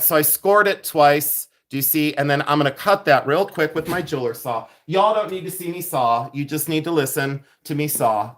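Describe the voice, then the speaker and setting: A man's voice: a little high, fairly bright tone. A man working as a silversmith, chatting playfully with his livestream audience and laughing often as he demonstrates in his jewelry studio. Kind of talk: livestream demo with chat.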